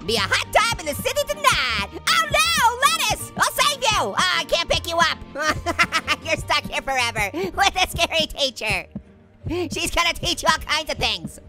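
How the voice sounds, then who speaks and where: A let's play host voices a hyper, wisecracking male cartoon orange, giggling and punning through comedic gameplay commentary. His squeaky, pitched-up voice is very animated with vocal fry, at a moderate pace. Loud music plays behind this full character performance.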